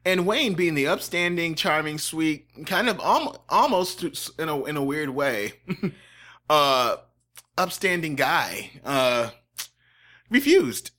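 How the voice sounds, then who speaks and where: A man's voice: fairly high pitch, very animated, takes it slowly, pushed and bright. A man co-hosting a podcast, telling a story casually and animatedly, laughing often and slipping into voices. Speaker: podcast co-host. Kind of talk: casual true-crime storytelling.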